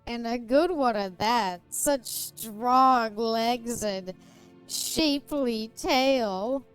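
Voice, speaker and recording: A woman voicing a smug, lecherous male master in a slow, teasing drawl. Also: on the high side, soft background music, poor audio. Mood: leering.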